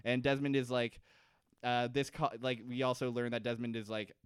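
A man chatting casually on a podcast, recapping a TV episode, rambling and now and then slipping into mock voices for the characters. His voice is smooth and clear, and the sound is dry and close. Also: medium pitch, level tone, moderate pace, no room sound. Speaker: podcast co-host.

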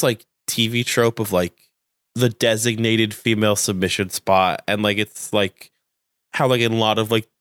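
A man's voice: on the low side, smooth, no echo. Young man rambling in a dry room. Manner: rambling, heavy filler words, animated quoting. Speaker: podcast co-host. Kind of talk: casual chat.

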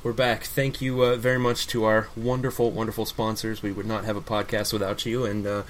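A man's voice: fairly low pitch, level tone, a little fast, slight background noise, poor audio. A man hosting a comedy podcast, flustered, apologetic and stammering in a sketch. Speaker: podcast host.

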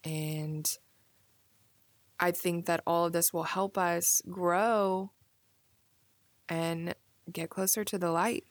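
Slow, low-voiced woman musing on a podcast. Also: steady tone, no echo. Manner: casual, musing, filler-heavy with frequent "like". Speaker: podcast host. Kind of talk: reflective solo podcast monologue.

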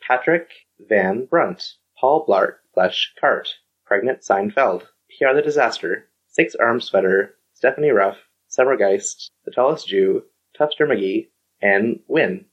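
Brief: husky-voiced woman, casual comedy podcast co-host, muffled lo-fi recording. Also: very deep voice, lively intonation, unhurried. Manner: reads a long list aloud, stumbles over names and swears.

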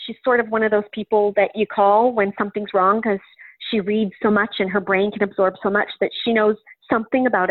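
A woman talks through her own story as an interview guest, chatty and full of "um" fillers. Her voice sits a little high. The sound is thin and phone-like, with no room echo. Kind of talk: personal storytelling in conversation. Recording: tinny phone-line sound, dry.

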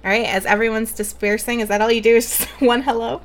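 A woman's voice: a little high, fairly even intonation, brisk. A woman running a tabletop game as game master, casual and a bit hesitant.

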